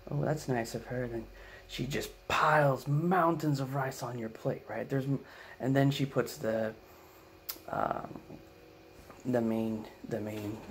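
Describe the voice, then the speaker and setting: A man telling a comic family story in an animated way, acting out the quotes. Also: mid-range voice, a little hiss or hum. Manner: animated, acts out quotes, laughs. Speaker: vlogger, comedic storyteller. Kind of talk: comedic storytelling.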